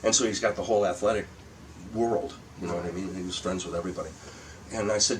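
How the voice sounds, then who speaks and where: A man's voice: deep voice, steady tone, fast, far from the mic, a little hiss or hum, low-quality recording. Older man telling profane stage stories. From Michigan. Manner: anecdotal, profane, restarts and acts out quotes. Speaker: guest comedian. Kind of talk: casual storytelling chat.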